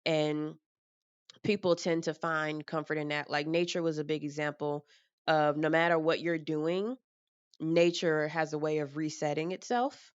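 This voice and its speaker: A young woman with a low, smooth voice talks frankly and casually, rambling through her thoughts and tossing in some swearing. The sound is dry and close, though a little dull. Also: steady tone, unhurried, dry recording. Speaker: vlogger. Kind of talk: casual personal talk.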